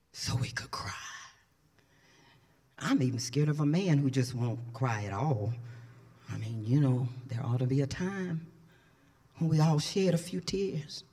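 A middle-aged woman pastor preaching an impassioned sermon, dropping to whispers and then rising to shouts. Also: a bass voice.

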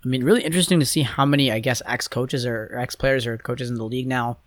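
A man's voice: medium pitch, quick pace, no room sound. Young man in casual sports banter. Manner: rambling, hesitant, many restarts and fillers. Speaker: podcast co-host.

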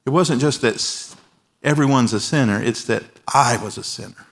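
A man's voice: medium pitch, moderate pace, gravelly. Pastor, male, 40s, mid-range voice; earnest, emphatic sermon delivery in a large church. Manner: earnest, emphatic preaching with quiet, softened endings. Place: large church with overflow rooms.

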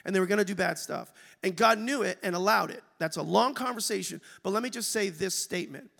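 A man's voice: sits high, fast, vocal fry, fairly bright tone. A man preaching a sermon to his congregation, emphatic and calling out for amens. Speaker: pastor. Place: church sanctuary. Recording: long reverb of a church hall.

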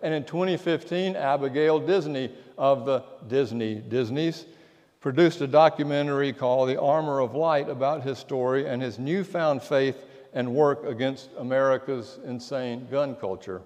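A pastor delivering a sermon, telling stories and dropping to a hush at the key lines. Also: male voice, mid-range voice, normal speed. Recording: long church reverb.

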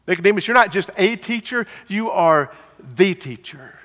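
Bright high-voiced preacher in a reverberant hall. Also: male voice, lively intonation, normal speed. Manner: earnest, repeats phrases, voices the Pharisees mockingly. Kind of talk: sermon.

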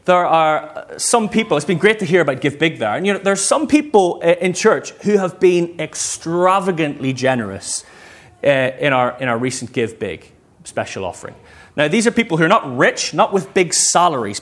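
Male pastor in his thirties, husky tone, fairly high voice; animated sermon delivery that calls for amens.

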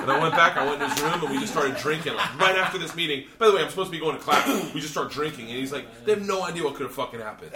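A man's voice: fairly high pitch, expressive, fast talker, roomy sound, crowd noise. A man telling a long, profane story casually in a hotel room, laughing often and acting out the people he quotes. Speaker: podcast host and comedian.

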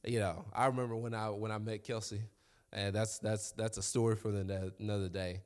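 A man's voice: lowish voice, level tone, a little fast. A young man, preaching a sermon in a conversational, storytelling way with asides to the congregation. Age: young adult.

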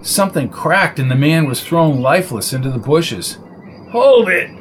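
A man reading a crime novel aloud in a steady storytelling voice. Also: mid-range voice, normal speed, a little hiss or hum, low-quality recording. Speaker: narrator. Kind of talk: audiobook reading.

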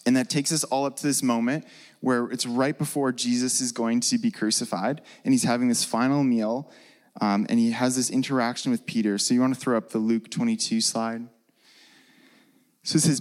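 A man preaching a sermon in a relaxed, conversational way, with frequent fillers. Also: mid-range voice, moderate pace, in a large hall. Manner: casual, conversational, with many fillers.

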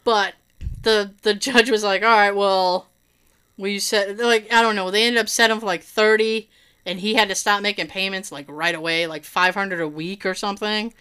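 A woman telling a long personal story in casual chat, animated, swearing and laughing often. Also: medium pitch, normal speed, smooth.

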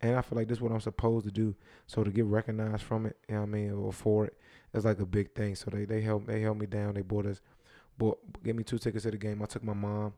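A man's voice: on the low side, monotone, fast, dark tone, dry recording, studio quality. A man co-hosting a podcast, laid-back and profane, often saying "you know what I mean". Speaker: podcast co-host. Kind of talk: casual chat.

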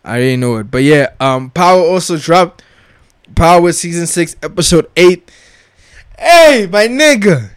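A young man's voice, pitched a touch high, talking straight into a dry, close mic with no room sound. He rants casually in thick slang, swears freely and leans on repeated filler address words. The delivery is emphatic and restless. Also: normal speed, smooth, no room sound. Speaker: vlogger reviewing a TV show. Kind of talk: casual rant.

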